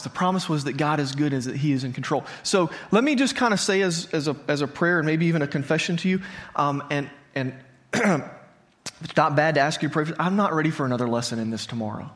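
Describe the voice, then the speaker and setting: A man's voice: a little high, expressive, brisk, a bit bright. Conversational man in his thirties preaching. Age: 30s. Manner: conversational, asks the audience questions. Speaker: pastor. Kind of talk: sermon with personal story. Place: church hall before a congregation.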